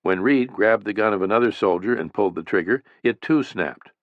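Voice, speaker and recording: Low-voiced man narrating a history audiobook. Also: a little fast, no room sound, highs cut off. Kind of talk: scripted narration.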